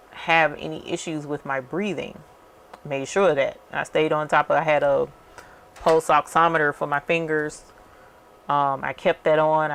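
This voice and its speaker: A woman hosts a crafting channel, telling a story casually as she works, chatting away, peppering her talk with fillers and calling her viewers y'all. Her voice is low, gravelly and a little bright, with slight noise in the background.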